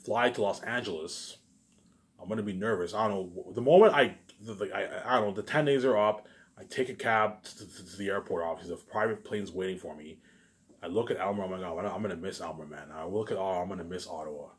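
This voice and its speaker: A man's voice: fairly low pitch, fairly quick. A man rambling through a daydream monologue, stumbling over restarts and saying "obviously" and "you know what I'm saying" over and over. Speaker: vlogger.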